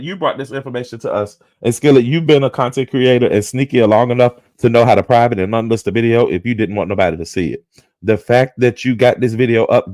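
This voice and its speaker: A man hosting a casual livestream, retelling online drama in an animated, profane storytelling manner. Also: lowish voice, no room sound. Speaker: livestream host.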